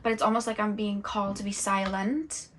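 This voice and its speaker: Young woman, tarot reader; slow, musing, dreamy channeling talk. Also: medium pitch, level tone. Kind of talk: tarot reading monologue.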